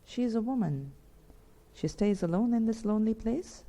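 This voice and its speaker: A woman's voice: on the high side, animated, moderate pace, dark tone, pitched above the performer's own voice. A woman voicing an earnest young man in an audiobook, asking polite, probing questions. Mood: inquisitive.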